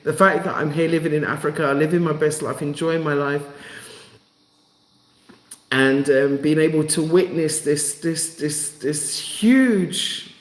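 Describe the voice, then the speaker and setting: A man talks straight to his viewers on a live stream. He is emotional and rallying, and he repeats phrases for emphasis. His voice sits a little high, and it rings in an echoey room. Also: level tone, measured pace. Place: home in Africa.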